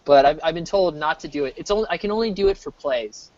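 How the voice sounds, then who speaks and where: A rambling American man, a streamer, makes casual chat into a dull desk mic. His voice has a fairly high pitch and a fast delivery, animated and full of frequent restarts.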